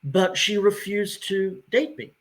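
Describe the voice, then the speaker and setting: Guy in his 40s telling a story on a podcast, bit higher voice, acts out the quotes. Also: slow. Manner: animated storyteller who acts out quoted dialogue. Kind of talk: casual podcast chat, personal storytelling.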